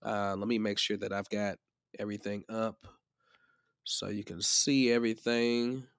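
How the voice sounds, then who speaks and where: A man's voice: on the low side, little pitch movement, moderate pace, clean tone, no room sound, clean studio sound. A man hosting a live music-production tutorial stream, rambling in a casual, chatty way while a bit under the weather. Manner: rambling and chatty, often restarts.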